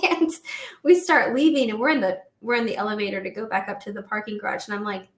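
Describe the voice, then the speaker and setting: A woman in her twenties telling a story in a casual chat, animated and full of "like"s and laughs. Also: medium pitch, fast talker, roomy sound. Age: 20s. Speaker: guest, host's daughter.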